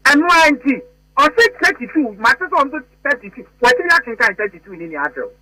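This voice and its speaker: Ghanaian politician guy calling in, really bright sharp voice, swoops up and down a lot, sounds like a phone. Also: very high voice, sing-song, a little fast, poor audio. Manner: emphatic, mixes Twi and English. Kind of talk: phone-in radio interview.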